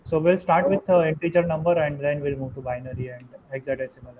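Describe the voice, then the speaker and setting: High-voiced man teaching code, "right?". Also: little pitch movement, fast talker, a little mellow, highs cut off, slight background noise. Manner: explains step by step, tags sentences with "right?". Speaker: programming instructor. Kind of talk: live online coding lesson.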